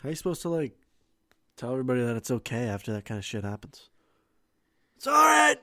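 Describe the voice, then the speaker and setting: A man's voice: mid-range voice, animated, fast talker, a little mellow, no echo, clean studio sound. A man co-hosting a comedy podcast, trading sarcastic jokes in casual chat. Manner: joking, sarcastic banter. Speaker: podcast co-host.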